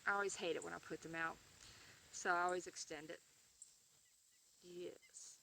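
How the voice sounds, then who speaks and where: A woman's voice: on the low side, steady tone, moderate pace, creaky, long pauses, bright, forceful tone, distant mic, slight background noise. A woman chatting casually to camera about her chickens, rambling with fillers and restarts. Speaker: backyard chicken keeper vlogger. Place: outdoors by a chicken coop.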